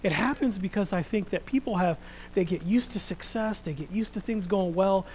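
A man's voice: high-pitched, normal speed, low-quality recording. Earnest man preaching, light hum. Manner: earnest, animated, drops to a hush for quotes. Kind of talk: sermon.

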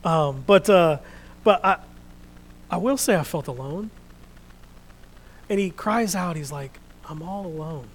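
A man preaching a sermon, reading scripture out loud and then talking quietly and earnestly to his congregation. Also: high-pitched, lively intonation, slow pace, pauses often, slight background noise, rough recording. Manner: reads scripture loudly, then speaks quietly and reflectively.

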